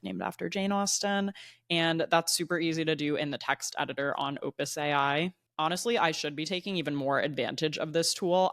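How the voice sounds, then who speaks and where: A woman's voice: low voice, fairly bright tone, no echo. Young female podcast host, loose chatty delivery, dry close-mic home recording. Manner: chatty, says "like" often. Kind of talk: casual solo podcast talk. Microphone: plugged-in microphone at a laptop.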